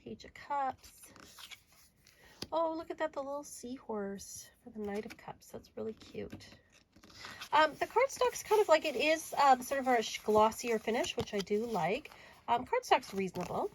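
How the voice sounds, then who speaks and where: An adult woman showing off her tarot and oracle decks in a casual video, chatty and enthusiastic, sometimes dropping to a soft murmur. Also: fairly high pitch, sing-song, normal speed, noisy background. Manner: chatty and enthusiastic, drifting to soft murmurs while handling cards. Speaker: tarot reader and deck reviewer. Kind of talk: casual show-and-tell video.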